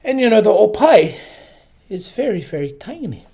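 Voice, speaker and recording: A man telling a folk tale as storyteller and teacher, unhurried and conversational. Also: high voice, very animated, breathy edge. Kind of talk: musical folk storytelling with ukulele. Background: soft ukulele.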